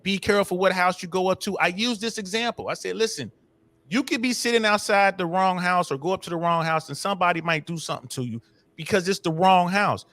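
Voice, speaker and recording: A man's voice: high voice, quick pace, a bit bright, dry recording. A middle-aged man guest in a casual conversation, telling stories and choosing his words carefully. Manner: storytelling, cautious with words.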